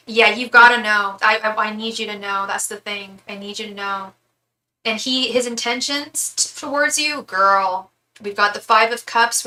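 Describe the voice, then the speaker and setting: A woman's voice: fairly high pitch, sharp tone, a little hiss or hum, low-quality recording. A young woman doing a live tarot reading, chatty and candid, swearing freely and restarting her sentences often. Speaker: tarot reader.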